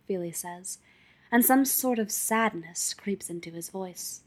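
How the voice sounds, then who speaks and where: A woman narrating a fan-written story in a calm, measured reading voice. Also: medium pitch. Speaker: fanfiction audiobook reader.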